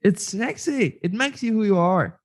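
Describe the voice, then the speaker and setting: A man's voice: sits high, lively intonation, normal speed. A man hosting a podcast in a casual, enthusiastic chat, laughing a lot. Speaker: podcast host. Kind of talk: casual conversation.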